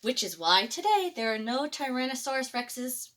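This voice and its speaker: A woman librarian reading a picture book aloud to children, expressive and chuckling. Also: sits high, moderate pace. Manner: expressive, chuckling between pages.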